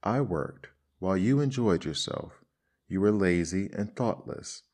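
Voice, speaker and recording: A man's voice: low-pitched, lively intonation, a little slow, darkish tone. A man doing a sneering, scolding ant. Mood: scornful. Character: hardworking male ant, stern and sneering. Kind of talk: storybook reading.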